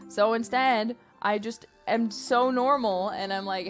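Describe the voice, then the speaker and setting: A woman livestreamer rambling playfully and loudly to her chat. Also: medium pitch, steady tone, moderate pace, few pauses, faint music behind.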